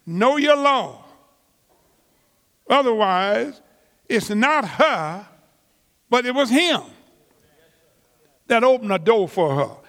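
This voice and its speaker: A man preaching a sermon slowly and emphatically, stretching key words and repeating phrases, with casual everyday grammar. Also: very high voice, very animated, fairly bright tone, big-room sound. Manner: slow, emphatic preaching with drawn-out words and repetitions; colloquial vernacular grammar. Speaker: pastor.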